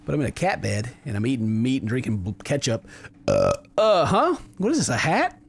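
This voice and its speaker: This gaming-video host is a young man with a gravelly, mid-range voice who talks fairly quickly, with a little hiss or hum in the audio. He keeps the commentary casual, animated, and playful, acting out the game's dialogue in funny voices.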